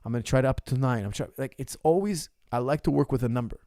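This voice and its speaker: A martial arts coach in his forties answers viewer questions on a casual livestream, blunt and emphatic, hammering home his key points by repeating them. He talks fast in a warm, medium-pitched voice. The audio is clean studio quality with no room sound.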